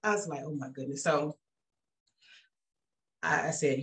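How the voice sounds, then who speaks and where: A woman telling her church testimony in a casual, animated way, acting out quoted voices. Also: a little slow, pauses often. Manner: animated, acts out quoted voices with big pitch jumps; casual speech with frequent restarts. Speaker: guest giving a church testimony. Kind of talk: personal testimony, conversational storytelling.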